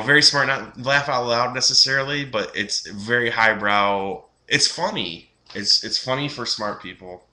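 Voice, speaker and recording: A man's voice: lowish voice, pushed and bright. A young man giving a casual, rambling film review, full of fillers and restarts.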